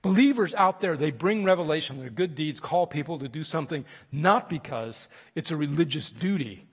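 A man preaching a sermon with stories, animated and emphatic, with fillers and restarts. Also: a little high, moderate pace, husky. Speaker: visiting preacher from a mission group. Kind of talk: sermon with storytelling. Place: church sanctuary. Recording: long reverb of a large room.

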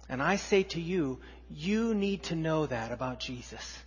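A man preaching a sermon, reading scripture aloud with rising force and dropping to quiet emphasis. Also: on the high side, animated, a little slow, breathy edge. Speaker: pastor. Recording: dull, muffled sound in a long-reverb hall.

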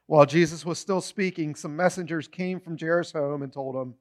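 A man preaching a sermon, retelling a story with animated storytelling and short acted-out quotes. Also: a little high, brisk.

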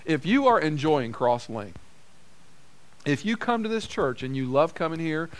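Pastor guy with a high voice preaching in church, chatty, keeps repeating lines for emphasis. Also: sing-song, normal speed. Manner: conversational, repeats phrases for emphasis. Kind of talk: sermon.

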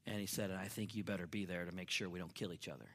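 A male pastor preaching a sermon in church, telling a story that swings from loud outbursts to near-whispered lines. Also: low-pitched, fairly even intonation, quick pace.

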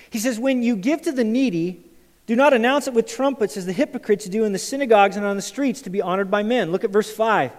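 A male pastor preaching a sermon to a congregation. He moves from loud, emphatic lines to quiet, intense ones. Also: very high-pitched. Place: church sanctuary. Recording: church hall with long reverb.

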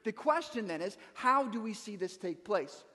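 A man's voice: high-pitched, expressive, normal speed, pushed and bright, in a large hall. A man preaching a sermon as pastor, speaking in a conversational way with frequent restarts and asides.

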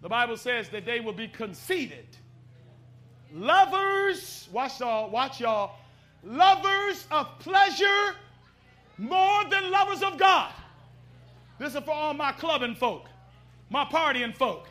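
Fervent male preacher, high and sharp, middle-aged, drives the congregation with call-and-response. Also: very animated, takes it slowly. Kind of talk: sermon.

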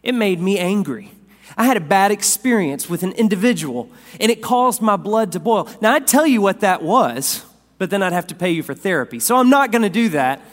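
A man preaching a sermon as pastor, swinging from loud, raised lines down to quiet, soft ones. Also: high voice, animated, fairly quick. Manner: dynamic preacher, rising loud then dropping soft. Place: church sanctuary. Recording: long hall reverb.

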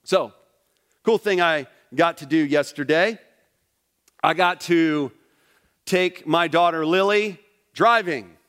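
A middle-aged man preaching a sermon to a congregation, direct and animated, swinging between loud emphasis and quiet. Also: a little high, takes it slowly, long pauses, smooth. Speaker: pastor. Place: church sanctuary before a congregation.

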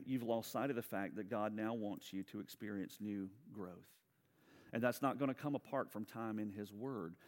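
A man preaching a sermon as pastor, shifting from animated storytelling to quiet, earnest appeals. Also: lowish voice. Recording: reverberant hall.

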